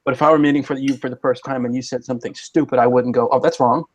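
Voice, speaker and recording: A man's voice: mid-range voice, little pitch movement, racing, dull audio. Opinionated man in casual chat. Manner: opinionated, mock-stern. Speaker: podcast guest.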